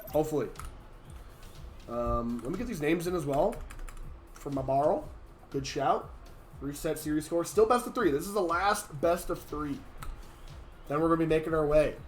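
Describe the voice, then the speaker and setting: A man hosting and casting a live gaming tournament in a casual, chatty way, his voice a little hoarse from being sick, with sudden loud excited outbursts. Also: fairly high pitch. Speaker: tournament host and caster. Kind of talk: casual live-stream commentary.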